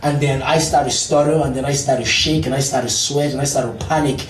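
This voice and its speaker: A man's voice: mid-range voice, steady tone, normal speed, recorded from a distance, a little hiss or hum. A man performing a stand-up routine in a comedy club, swearing freely and talking straight to the crowd. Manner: profane, addresses the crowd directly. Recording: roomy club recorded from afar with crowd.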